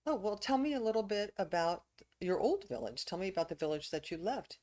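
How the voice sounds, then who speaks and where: A woman voicing a very old man who gently welcomes travelers to his village. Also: medium pitch, big pitch swings, a little fast, pitched above the performer's own voice, natural voice. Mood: welcoming.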